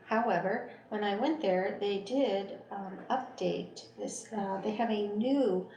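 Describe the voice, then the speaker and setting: A woman co-hosting a panel conversation, speaking casually and a little haltingly. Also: medium pitch, dark tone. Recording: roomy room.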